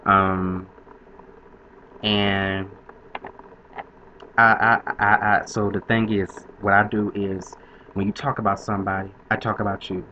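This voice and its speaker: A man's voice: deep voice, sharp tone, a little hiss or hum. Sassy young man in lo-fi audio. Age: 20s. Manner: chatty, sassy diva flair, laughs often. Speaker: vlogger. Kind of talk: casual storytelling to camera.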